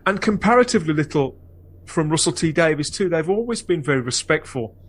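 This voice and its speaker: A man hosting a fan podcast, talking in a wordy, reflective way with animated bursts. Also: a little high, fairly quick. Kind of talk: casual chat and reflective narration.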